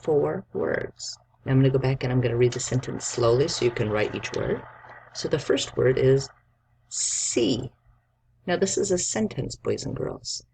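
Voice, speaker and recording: A man's voice: medium pitch, lively intonation, normal speed, vocal fry, a little mellow, a little hiss or hum. A male teacher giving a spelling lesson to young children, dictating words and patiently sounding out each letter.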